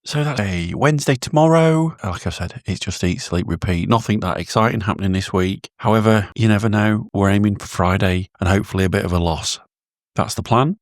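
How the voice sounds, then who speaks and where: A man's voice: lowish voice, a little fast, no echo, studio quality. A British man keeping a casual, rambling video diary, chatting to his phone camera with a self-deprecating manner. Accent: British English. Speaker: vlogger.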